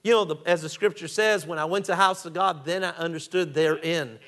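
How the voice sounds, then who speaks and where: A high-pitched male pastor delivering a sermon. He hammers his points with repetition, calls on the congregation to answer, and reads scripture aloud in old-fashioned phrasing. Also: fairly quick, fairly bright tone.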